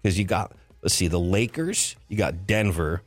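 Low-voiced male sports talk host, animated and opinionated. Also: faint music behind. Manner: animated, jumps in pitch, rapid asides. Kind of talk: casual sports chat.

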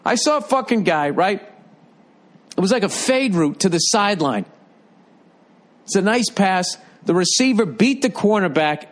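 A man's voice: sits high, big pitch swings, moderate pace, pauses often. An older man ranting in a rambling, profane, exasperated way, like a commentator. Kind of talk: profane comedic rant.

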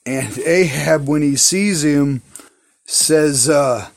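A man's voice: a little high, slow, gravelly. A man casually retelling Bible stories in a rambling, folksy, slangy way. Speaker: Bible storyteller.

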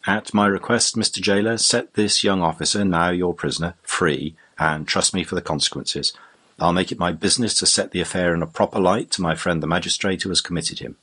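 A stern older baronet, indignant and exclaiming, as a man reads him aloud. The voice sits very low and husky, with a stern edge that carries through the storybook reading. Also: a bit bright. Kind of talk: audiobook reading.

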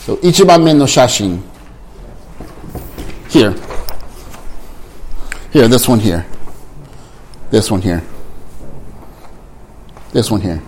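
A man teaching English to a class of learners, repeating phrases slowly and switching into Japanese to explain. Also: fairly low pitch, very animated, darkish tone.

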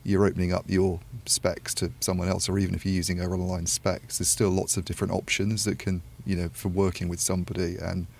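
A man with a very deep, gravelly voice talks in a flat, even way as he chats on a podcast. He thinks aloud and wanders through asides, and he sounds unhurried. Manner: thoughtful, rambling with many asides. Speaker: podcast panelist. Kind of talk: casual analytical discussion.

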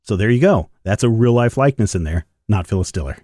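A man co-hosting a podcast, chatting casually about comics in an animated way. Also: on the low side, fast talker, dry recording, clean studio sound. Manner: animated, acts out quoted lines in funny voices. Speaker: podcast co-host.

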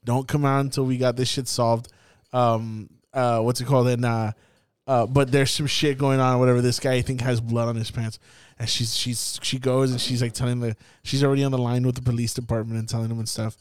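A young man hosting a podcast, telling a story in a casual, profane, animated way and acting out the scenes. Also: mid-range voice, fairly quick, smooth. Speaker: podcast host. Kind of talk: casual chat.

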